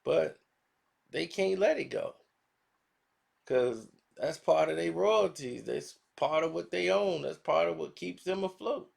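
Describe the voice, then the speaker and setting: A man hosting a casual commentary vlog, talking in slangy, animated style and acting out quotes. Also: fairly high pitch, unhurried, vocal fry. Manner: animated, slangy, acts out quotes in other voices. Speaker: commentary channel host.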